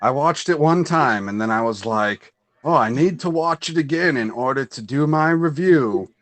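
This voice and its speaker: A man's voice: medium pitch, normal speed, dry recording. A man hosting a casual fan chat, telling stories with energy and acting out what others said. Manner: animated storyteller, acts out quotes in a raised voice. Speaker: host.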